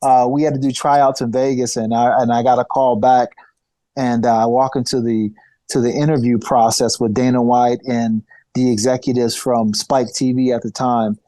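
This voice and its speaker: Male podcast guest, forties, animated raconteur who repeats himself, dry close-miked studio sound. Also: mid-range voice, normal speed, no room sound. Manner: animated storyteller, repeats and restarts phrases. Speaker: podcast guest, former fighter. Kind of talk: casual interview storytelling.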